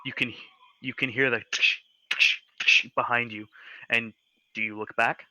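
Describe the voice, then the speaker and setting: A man's voice: mid-range voice, fairly even intonation, normal speed, bright, forceful tone, a little hiss or hum, rough recording. A man narrating as game master in a casual, loose way.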